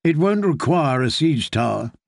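A man's voice: fairly high pitch, expressive, normal speed, vocal fry, no echo. A man playing a dry-witted lord commander. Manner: dry, mild. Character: weary, dry-witted one-handed male lord commander.

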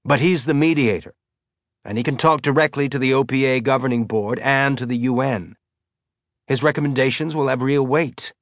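A male audiobook narrator voicing a big, stocky man who pleads earnestly and urgently for calm. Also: mid-range voice, moderate pace, dry recording, clean studio sound, close to an everyday voice.

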